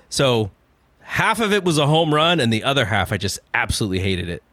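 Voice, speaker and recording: A man co-hosting a podcast, talking in a casual, animated way as he rants through a critique. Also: mid-range voice, a little fast, no room sound. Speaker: podcast co-host.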